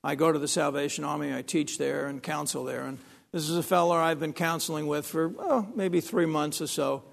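A man's voice: a little high, fairly even intonation, fairly quick, vocal fry. A man preaching a sermon, emphatic, repeating phrases and restarting sentences.

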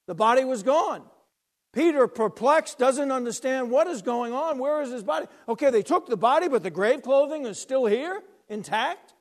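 A man preaching a sermon, retelling a scripture story dramatically, swinging from loud to hushed. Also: very high-pitched.

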